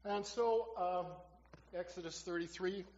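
A man's voice: high voice, takes it slowly, darkish tone. A man preaching a sermon, repeating his key phrases for emphasis. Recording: muffled reverberant hall recording.

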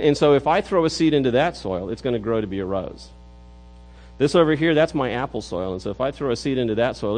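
A man's voice: on the high side, a little mellow, poor audio. A middle-aged man preaching a sermon in an earnest way, often repeating words as he builds a point. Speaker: pastor.

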